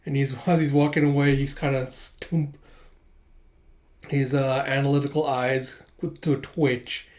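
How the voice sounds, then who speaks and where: A man's voice: mid-range voice, flat delivery, a little slow, a little mellow. A man recapping a comic chapter in casual, chatty talk, with lots of fillers and laughs. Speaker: comic chapter reader and commentator.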